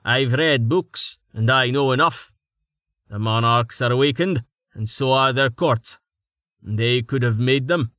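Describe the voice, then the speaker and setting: A man's voice: medium pitch, a little slow, dry recording, studio quality, lightly acted. A man voicing a brash, argumentative male character who mocks and bickers in an audiobook. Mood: mocking. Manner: mocking, loud, argumentative. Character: brash, mocking male know-it-all.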